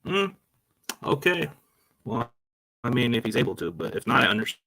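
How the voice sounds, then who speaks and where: Gravelly, bright-voiced guy host. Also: mid-range voice, very animated, moderate pace, no echo. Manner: rambling, slangy, addresses listeners as man and dude. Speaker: sports podcast host. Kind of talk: casual chat. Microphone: laptop microphone.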